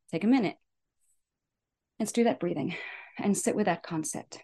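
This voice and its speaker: A woman life coach hosting her own show, giving an enthusiastic motivational talk that swings between loud and soft. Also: on the low side, lively intonation, moderate pace, long pauses.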